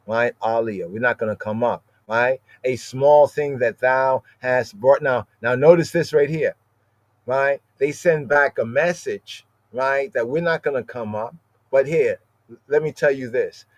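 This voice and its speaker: Explaining scripture word by word for a podcast Bible study, this man keeps peppering his phrases with "right?". He has a mid-range voice, and the recording is dull, lo-fi and dry, with no echo.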